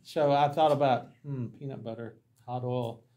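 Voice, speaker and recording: A man's voice: medium pitch, fairly even intonation, normal speed, dark tone. A man, a pastor teaching a Bible class, telling folksy, humorous mission stories and acting out the dialogue. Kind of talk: anecdotal Bible lesson storytelling.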